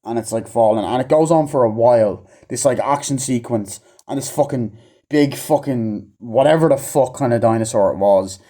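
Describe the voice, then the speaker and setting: Mellow-voiced man ranting in a profane review. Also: mid-range voice, moderate pace. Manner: profane, rambling, acts out characters' lines in a raised voice. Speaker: movie reviewer. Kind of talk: casual rambling movie review.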